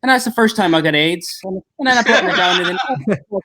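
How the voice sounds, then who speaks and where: An American man voicing a rowdy, boozy Irish man spinning a wild tale, in a rapid, brash, sing-song put-on Irish accent. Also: high voice, expressive, bright, forceful tone, slight background noise, voice pushed up.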